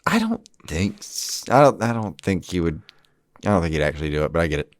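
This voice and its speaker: A man with a fairly low voice that swings widely in pitch, co-hosting a film podcast. He chats casually and drops wry, laughing asides. The sound is dry and close. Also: big pitch swings, brisk, no echo. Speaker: podcast co-host. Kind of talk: casual film-review chat.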